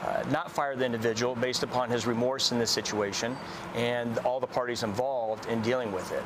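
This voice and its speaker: Calm man explaining a decision. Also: medium pitch, a little fast, noisy background. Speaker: restaurant manager. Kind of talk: news interview clip.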